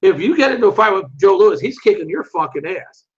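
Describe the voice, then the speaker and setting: An older man telling lively, animated anecdotes as an interview guest, acting out other people's voices and swearing freely. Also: high-pitched, brisk. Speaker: interview guest, martial arts instructor. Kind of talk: casual storytelling. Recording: muffled lo-fi recording.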